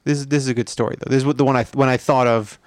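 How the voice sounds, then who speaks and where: A man's voice: medium pitch, fairly even intonation, very fast, dry recording. A man telling a story in casual podcast chat, easygoing while he builds suspense.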